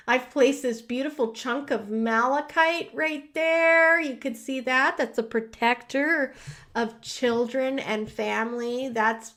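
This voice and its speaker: A woman's voice: high-pitched, a bit bright. A woman hosting a livestream from her home studio, emotional and rambling, with many restarts. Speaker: host. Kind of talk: casual livestream talk.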